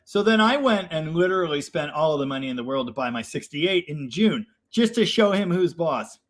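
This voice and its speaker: A man's voice: on the high side, lively intonation, fairly quick. A young man hosting a casual live chat, reading viewer comments and rambling in a self-deprecating way with lots of fillers.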